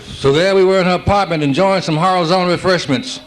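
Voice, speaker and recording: A stand-up comedian, a man, rattles off rapid one-liner jokes. His voice sits a little higher than most men's. He keeps the setups brisk with back-and-forth "I said, she said" exchanges. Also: a little hiss or hum. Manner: rapid-fire joke telling with "I said, she said" setups.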